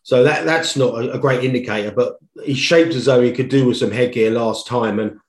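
A man's voice: mid-range voice, brisk. A man tips a horse race in a thoughtful, hesitant way, reasoning aloud with plenty of fillers. His voice sits in the middle of the range and carries a noticeable room echo around it. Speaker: racing tipster. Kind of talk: detailed betting analysis. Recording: roomy echo.

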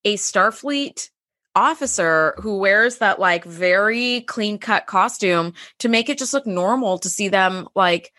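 A young woman co-hosting a casual chat, animated and quick to laugh, leaping up in pitch whenever she quotes someone. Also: no room sound, clean studio sound. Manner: animated, laughs often, jumps high in pitch when quoting. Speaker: podcast co-host.

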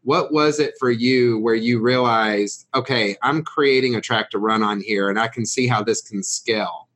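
A man hosts a business interview and asks measured questions. He encourages his guest along the way, in a voice of middling pitch. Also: a bit bright. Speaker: interview host.

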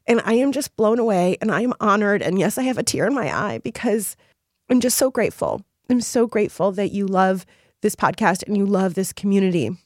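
A woman's voice: mid-range voice, expressive, a little fast, no room sound, clean studio sound. A woman hosting her own podcast, talking to listeners in an effusive, encouraging and emphatic way. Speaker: podcast host. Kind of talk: solo podcast monologue.

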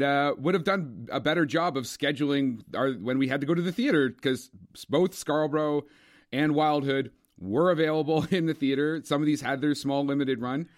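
A man's voice: mid-range voice, brisk, no room sound, studio quality. A man from Canada hosting a podcast in casual chat, rambling and self-deprecating, often laughing. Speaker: podcast host.

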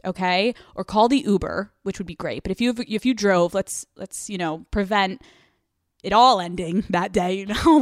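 A young woman hosting a podcast, giving blunt breakup advice with lots of swearing and quick laughs. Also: medium pitch, dry recording, studio quality. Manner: blunt, profane, laughs mid-sentence. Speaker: podcast host. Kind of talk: casual advice monologue.

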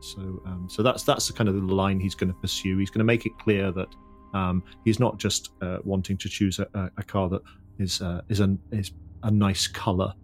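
A man's voice: low voice, level tone, moderate pace, soft background music. A man playing in a tabletop role-playing game, explaining what his character intends to do. He speaks hesitantly, with many fillers and restarts. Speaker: player.

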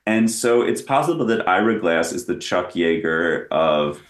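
A man's voice: deep voice, lively intonation, measured pace, echoey room. A man talking as a guest in a casual interview, rambling and self-deprecating, with many restarts. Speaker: guest actor.

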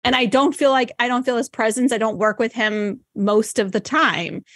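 Woman podcast host, young adult, lively storyteller, close dry mic. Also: on the high side, moderate pace, dry recording. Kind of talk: casual chat.

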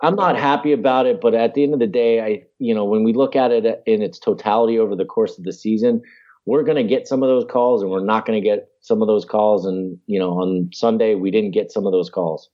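A man co-hosting a casual sports podcast, arguing his points in an animated way with the odd curse word. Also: lowish voice, a little fast, lo-fi sound. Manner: animated, argumentative, mild cursing. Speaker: podcast co-host.

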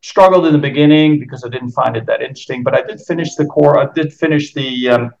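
A man's voice: mid-range voice, quick pace, creaky. A Dutch man in his fifties with an American-tinged accent, rambling through a podcast interview with many restarts and fillers. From Netherlands. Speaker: golf course architect. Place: home. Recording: muffled lo-fi audio.

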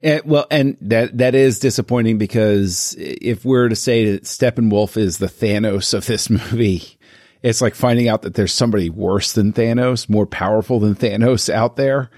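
A man co-hosting a podcast in casual chat, animated and given to mock-outraged asides. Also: on the low side, moderate pace, dry recording, studio quality. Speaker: podcast co-host.

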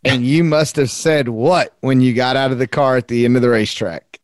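A man's voice: medium pitch, steady tone, no room sound, studio quality. A man hosting a casual interview, recounting events dramatically. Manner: builds a story dramatically, drawn-out emphasis. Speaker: podcast host.

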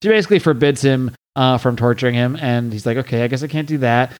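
A male podcast host, medium in pitch and fast in delivery, gives a casual summary of a comic book. His talk is peppered with fillers and restarts, and he reads the comic's dialogue aloud as he goes.

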